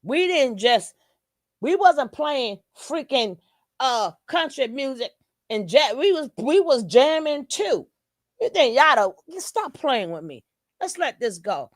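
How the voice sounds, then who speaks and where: A woman's voice: sits high, very animated, slow pace, dry recording, studio quality. A woman with a New York accent, hosting a channel and giving blunt, profane, heated reaction commentary. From New York City. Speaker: channel host.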